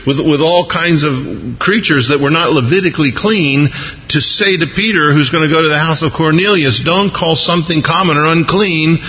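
A man's voice: fairly high pitch, moderate pace, big-room sound, dull audio. A man preaching a sermon in a conversational, humorous way, acting out the people he quotes. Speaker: pastor.

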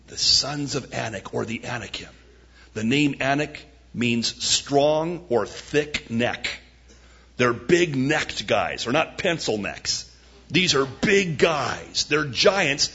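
A male pastor preaching a sermon, acting out Bible quotes with a sudden lift in pitch and loudness. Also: expressive, slow pace, husky. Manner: dramatic, voices Bible quotes with rising pitch and volume. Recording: dull lo-fi sound.

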